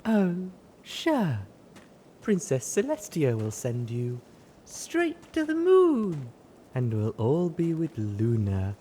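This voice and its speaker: A man voicing a drugged, dreamy mare who croons in a slow, drawn-out voice. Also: a little high, huge pitch swings, warm tone, slight background noise, voice pushed up, exaggerated voice.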